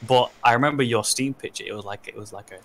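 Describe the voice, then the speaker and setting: A man's voice: medium pitch, quick pace, a bit bright. A man co-hosting a gaming podcast, reminiscing casually with self-deprecating jokes. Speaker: podcast co-host. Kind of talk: casual chat.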